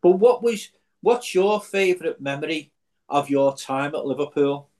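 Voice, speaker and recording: A man hosting a podcast interview who asks halting questions full of fillers. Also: fairly high pitch, lively intonation, darkish tone. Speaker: podcast host.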